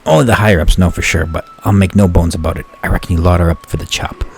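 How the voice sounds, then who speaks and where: A man's voice: low-pitched, fast, gravelly, faint music behind. Man doing a taunting monster ship captain. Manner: taunting, mock-cheerful threats. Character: gloating monster ship captain, menacing male jailer. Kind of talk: reading game dialogue aloud.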